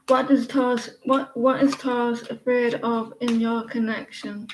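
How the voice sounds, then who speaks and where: Slow, halting woman doing tarot readings. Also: on the high side, level tone, reverberant, slight background noise, rough recording. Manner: slow, halting delivery with many fillers and restarts. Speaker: tarot reader. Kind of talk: live-stream tarot reading, chatting with viewers.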